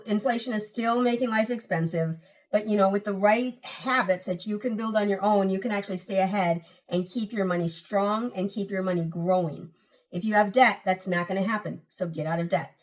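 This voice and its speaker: A woman's voice: medium pitch, far from the mic. Earnest woman giving money advice. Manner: earnest, emphatic, repeats points for emphasis. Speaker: personal finance YouTuber. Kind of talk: casual advice to camera.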